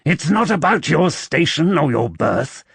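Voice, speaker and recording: A man's voice: very animated, unhurried, creaky, fairly bright tone, slightly rough, no echo, full character voice. Man playing a brooding, coaxing nobleman. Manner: low, intense, coaxing. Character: brooding, persuasive young nobleman.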